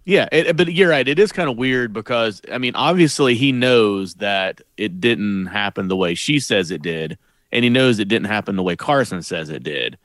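Man co-host, thoughtful casual talk, hedges a lot, fairly low voice, dry sound. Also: animated, moderate pace, fairly bright tone, dry recording. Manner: reflective, hedging with "I mean" and "you know". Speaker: podcast co-host. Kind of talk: casual chat.

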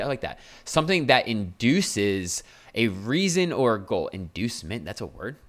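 A man's voice: lowish voice, fairly bright tone. A man hosting a solo podcast as a health coach, talking bluntly and casually with swearing and fillers.

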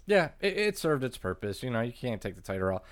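A man's voice: mid-range voice, big pitch swings, quick pace. A man co-hosting a podcast in casual chat, laid-back and blunt with his opinions. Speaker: podcast co-host.

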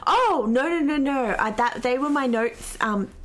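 A woman co-hosting a casual podcast over a remote call, giggly and animated. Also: high-pitched, unhurried. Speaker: podcast co-host. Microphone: remote call mic.

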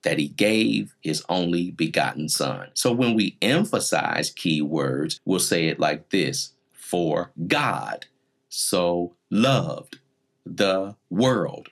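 A man in his forties preaching a teaching sermon in numbered points, emphatic and repetitive. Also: low voice. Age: 40s.

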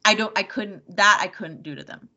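A woman, a mother, talking candidly about her struggles, halting often and repeating words, with many "like" and "you know" fillers. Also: medium pitch, pushed and bright. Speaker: mother sharing personal struggles. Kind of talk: candid personal conversation. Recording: dull lo-fi sound.

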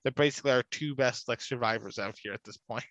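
Young male co-host, chatty and rambling, mid-pitch, dry close recording. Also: fast, fairly bright tone, no room sound, dull audio. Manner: chatty, laughs often, rambling asides. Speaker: podcast co-host recapping a TV show. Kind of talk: casual chat.

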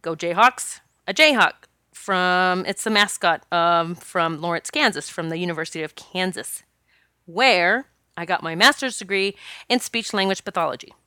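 A woman podcast host with a bright, sharp voice tells a personal story. Her delivery is animated and chatty, and she speaks straight to her listeners. The sound is crisp and clean, with a dry, close recording. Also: fairly low pitch, moderate pace, no echo.

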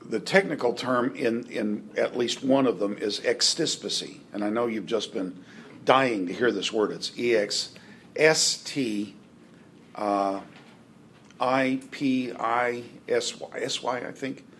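A man teaching a Bible class in a halting way, with restarts and dry joking asides. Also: mid-range voice, a bit bright, slight background noise.

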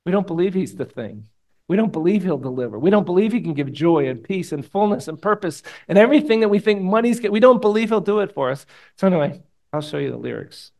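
A male pastor delivering a sermon, moving between loud exhortation and quiet, hushed prayer. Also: sits high, animated, quick pace. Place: church room with congregation.

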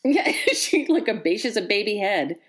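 A woman's voice: mid-range voice, sing-song, normal speed. A woman co-hosting a podcast in casual chat, reacting often and laughing easily. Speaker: podcast co-host.

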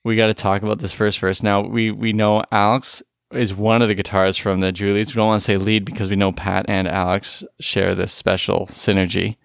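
Casting: male podcast co-host, low gravelly voice, close and dry mic, relaxed lead. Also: a little fast, hardly any pauses, no room sound. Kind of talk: casual music podcast chat.

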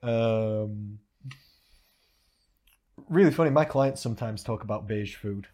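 A man who hosts a podcast and coaches clients, talking in a relaxed, chatty way and reading out articles. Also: fairly low pitch, slow. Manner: relaxed, chatty, laughs often. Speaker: podcast host and fitness coach. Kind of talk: casual chat.

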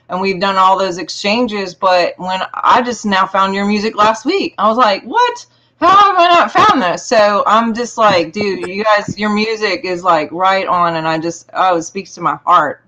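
A woman's voice: medium pitch, pushed and bright. A woman hosting a casual panel chat, effusive and emotional, rambling as she talks. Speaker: show host.

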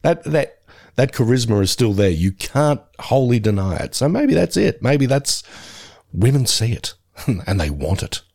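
A man's voice: mid-range voice, big pitch swings, measured pace, creaky, a little mellow. A middle-aged man, co-hosting a casual podcast chat in a rambling, self-deprecating way with frequent laughs. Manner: rambling, self-deprecating, laughs often, slips into quoted voices. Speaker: podcast co-host.

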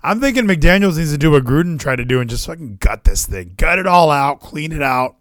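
A man's voice: a little high, a little fast, no echo, clean studio sound. A young man, co-host of a podcast, talking about his football weekend in casual chat, swearing and restarting often. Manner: animated, swears, frequent fillers and restarts.

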